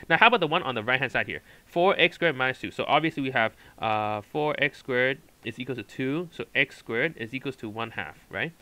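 A man's voice: medium pitch, a little fast, few pauses, pushed and bright, no room sound, rough recording. A man tutoring calculus at a whiteboard, explaining step by step and checking in often with "okay" and "right". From Hong Kong. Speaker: math tutor.

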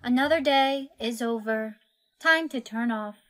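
A curious female household robot, voiced by a high synthetic woman's voice. The lines come out flat and machine-even in a storytime tale. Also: a little slow.

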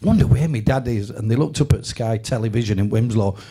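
A man's voice: medium pitch, fairly quick, mellow, husky. A man telling a short anecdote that quotes his children. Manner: anecdotal, quoting his kids.

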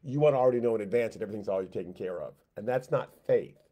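A man teaching a Sunday school Bible lesson in a conversational way, repeating phrases and slipping into quick voiced asides for God and the complaining people. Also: lowish voice, mellow.

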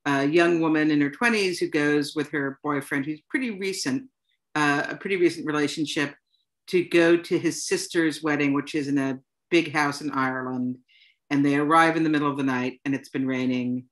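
A woman author reading her own short story aloud to an audience, in a plain, unhurried storytelling manner. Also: sits low, steady tone. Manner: unhurried, plain storytelling delivery with soft "um" fillers.

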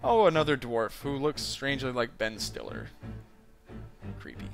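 A man's voice: mid-range voice, huge pitch swings, normal speed, creaky, faint music behind. A man playing through a computer game, reading its story text aloud and breaking in with sarcastic, self-mocking asides. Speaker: let's play commentator.

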